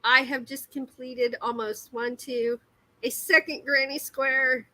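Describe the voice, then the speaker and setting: A woman's voice: high voice, little pitch movement, takes it slowly, pushed and bright, no room sound, poor audio. A woman, hosting a casual livestream chat while crocheting, giggly and self-deprecating. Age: 50s. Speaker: livestream host.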